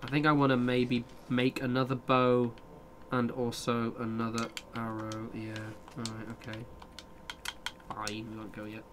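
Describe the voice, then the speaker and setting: A man's voice: medium pitch, completely flat delivery, measured pace, noisy background. A young man casually commenting on a survival game as he plays, swearing and talking back to his chat. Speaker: streamer.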